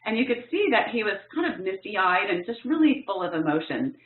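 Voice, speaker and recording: A woman trainer telling a personal story in a workshop talk, earnest and expressive with lively emphasis. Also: medium pitch, fairly quick. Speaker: professional development trainer. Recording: echoey, tinny phone-like line.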